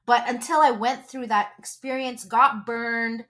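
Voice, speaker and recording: A woman in her forties, a relationship coach, talking as an interview guest in a gushing, animated storytelling way. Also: a little high, unhurried.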